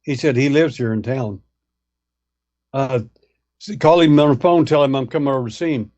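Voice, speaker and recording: A guest who researches alien abductions tells a long anecdote in a folksy manner, acting out the dialogue of the people he quotes. His voice is mid-range, a little mellow and at normal speed, with a lo-fi sound.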